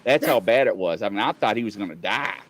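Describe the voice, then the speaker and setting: A man, co-hosting a casual video-call show and telling a lively story while acting out the other people in it. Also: fairly low pitch, quick pace, low-quality recording. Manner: animated storyteller, acts out voices of others. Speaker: podcast co-host, former police officer.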